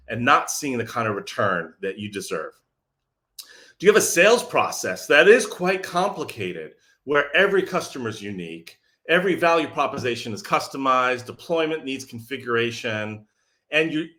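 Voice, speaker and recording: A man speaking from his office as a sales messaging coach, energetic and sarcastic, firing questions at his audience. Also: medium pitch. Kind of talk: direct-to-audience pitch.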